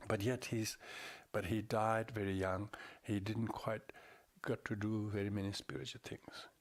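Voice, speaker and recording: Older lama, low-voiced, halting dharma talk full of restarts. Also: male voice, flat delivery. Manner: halting, repeats and restarts words. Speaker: Buddhist lama teacher.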